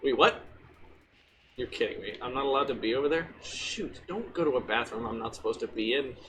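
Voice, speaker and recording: A man's voice: mid-range voice, expressive, fairly quick, pushed and bright, a little hiss or hum, rough recording. A man streamer giving joking, wry commentary on his own gameplay. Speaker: gaming streamer.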